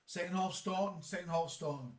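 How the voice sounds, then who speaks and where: A man's voice: high-pitched, a little fast, roomy sound. A Geordie man doing a casual football live stream, bantering and laughing while reading out chat.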